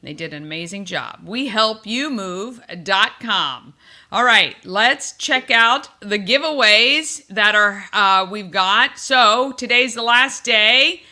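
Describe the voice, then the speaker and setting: A woman's voice: medium pitch, slow pace, pushed and bright. A woman hosting a morning radio show, chatting casually and reading out giveaways in an upbeat way.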